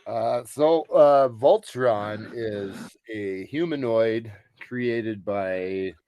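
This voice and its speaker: A man's voice: fairly low pitch, extremely slow, lo-fi sound. A man in a band explaining the story behind their songs in a casual interview, with many ums and uhs. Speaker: band member.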